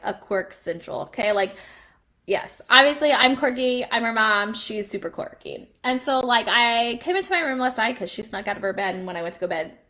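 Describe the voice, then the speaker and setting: A chatty woman in her thirties talks casually to her viewers, animated and quick to laugh. Her voice sits a bit high and sounds bright and lively. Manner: chatty and animated, laughing as she tells stories. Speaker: vlogger and mom. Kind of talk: casual chat to camera.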